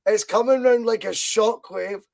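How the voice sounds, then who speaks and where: A man hosting a casual fan podcast, loud and animated as he reads out viewer comments. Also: high-pitched, measured pace, gravelly, rough recording. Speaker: podcast host.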